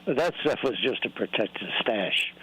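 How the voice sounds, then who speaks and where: A man's voice: fairly low pitch, expressive, normal speed, a bit bright, slightly rough, low-quality recording. A man who calls in regularly to a radio show, speaking politely and courteously in casual chat. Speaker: regular caller.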